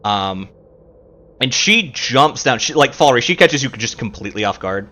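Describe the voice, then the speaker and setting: A man's voice: medium pitch, animated, normal speed, sharp tone. A man running a tabletop game as game master, describing scenes with many fillers. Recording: dull lo-fi sound with faint music.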